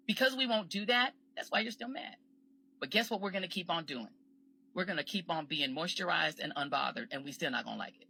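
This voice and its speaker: A woman rants fast in a sassy, defiant tone. Her voice is bright and a little husky, and she slips into mocking voices of other people along the way. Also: low voice. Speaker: commentator. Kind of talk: impassioned social media rant.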